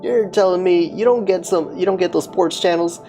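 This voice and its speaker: A man's voice: mid-range voice, moderate pace, over music, lightly acted. A man voicing a crude, swearing male police commissioner with an Australian accent in a game. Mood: blustering. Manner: swearing, blustering.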